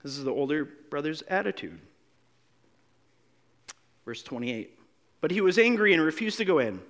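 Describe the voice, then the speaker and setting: A pastor preaching a sermon, animated, acting out the quotes he reads and dropping from loud to hushed, often repeating words as he restarts. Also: on the high side, normal speed.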